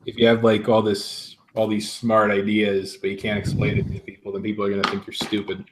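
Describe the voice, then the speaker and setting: Low-voiced man over steady noise. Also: brisk. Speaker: guest. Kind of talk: casual chat. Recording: clear background noise.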